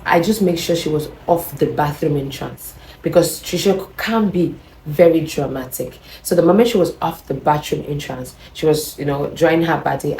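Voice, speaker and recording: A young woman with a low voice tells a personal story to camera, chatty and animated. She often repeats words and adds "you know" as she goes. The recording has a noticeably echoey room sound. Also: a little hiss or hum. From Nigeria. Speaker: vlogger. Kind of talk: casual storytelling.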